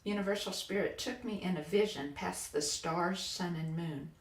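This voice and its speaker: A woman podcast host and biofield tuner telling a personal spiritual story in a soft, earnest way, often halting and restarting. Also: lowish voice, a little hiss or hum. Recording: roomy echo, distant from mic.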